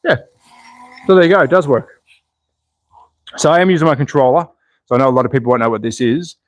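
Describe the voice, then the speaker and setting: A man's voice: medium pitch, quick pace, dry recording. An Australian man hosting a casual live stream, chatting, thinking aloud and answering viewers' chat. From Australia, Melbourne. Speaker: slot car channel host.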